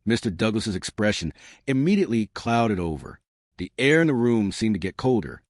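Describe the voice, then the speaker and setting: Man in his fifties, scripted story narration, low voice, lively intonation, dry close sound. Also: normal speed, dry recording. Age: 50s. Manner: expressive, storytelling.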